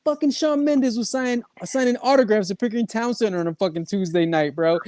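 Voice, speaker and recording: Podcast co-host, slang, laid-back profane storyteller, warm dark voice. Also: medium pitch, brisk, no echo. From Canada. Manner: slangy, profane, laughing, repeats "bro". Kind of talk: casual chat, storytelling.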